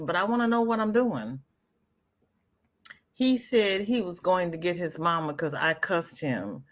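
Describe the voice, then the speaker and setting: A woman's voice: lowish voice, lively intonation, measured pace, pauses often, sharp tone. An older woman hosting a live crochet stream, chatting casually with viewers in a sassy, emphatic way, often repeating herself. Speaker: livestream host.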